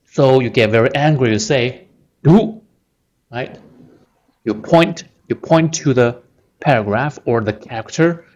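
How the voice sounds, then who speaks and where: A man's voice: fairly low pitch, darkish tone, highs cut off. A man teaching a language lesson, explaining patiently and checking in often with "right?".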